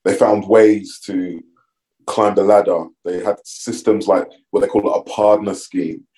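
Mellow-voiced man. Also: fairly low pitch, flat delivery, poor audio. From London, England. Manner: measured, reflective storytelling with frequent ums. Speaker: podcast guest. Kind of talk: casual interview conversation.

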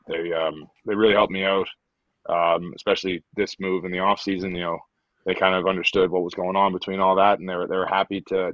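A young man answering interview questions in a relaxed way, often repeating words. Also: sits low, dry recording. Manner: relaxed, repeats words, frequent "you know". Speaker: rugby player guest. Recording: dull dry sound, lo-fi.

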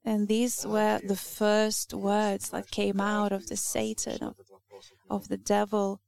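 A woman whose first language is Lithuanian, preaching a sermon in an earnest, halting way with many restarts. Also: mid-range voice, monotone, vocal fry, darkish tone.

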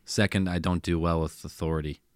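A man's voice: low-pitched, steady tone, a little fast, dry recording, clean studio sound. A man chiming in with blunt, offhand remarks in a casual chat.

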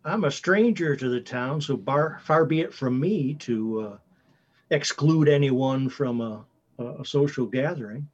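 A man's voice: medium pitch, unhurried, a little mellow, slightly rough. A man speaking in character as a player, polite and hesitant with many fillers. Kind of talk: in-character tabletop play. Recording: dull lo-fi mic.

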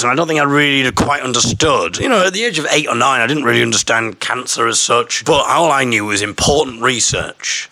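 Bright-voiced man telling a confession. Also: mid-range voice, vocal fry, no echo. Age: 30s. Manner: self-mocking, acts out voices in quotes. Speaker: podcast host. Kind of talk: casual storytelling monologue.

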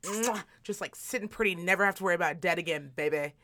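Woman co-host, loose, profane and lively. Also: on the low side, fast. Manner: profane, animated storytelling. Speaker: podcast co-host. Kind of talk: casual chat.

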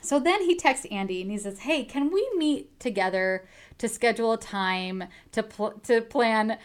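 A woman's voice: fairly high pitch, moderate pace, clean tone. A woman co-hosting a casual chat, eagerly retelling a book's plot, laughing and acting out the quoted lines. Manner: chatty, laughs often, acts out quoted lines. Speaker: podcast co-host recapping a book.

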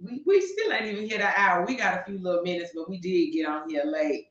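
Brisk and lively in intonation, her voice sits on the low side as she co-hosts a talk show. This woman rants passionately in heated opinion talk, firing rhetorical questions, heard through distant, echoey, dull lo-fi sound.

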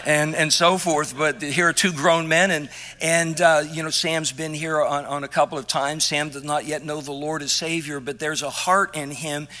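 A man preaching a sermon as pastor, emphatic and impassioned, dropping quiet at tender moments. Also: a little high, steady tone, moderate pace. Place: church sanctuary.

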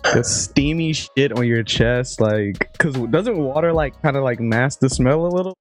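A man's voice: medium pitch, measured pace, faint music behind. Blunt, wisecracking man. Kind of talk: casual banter.

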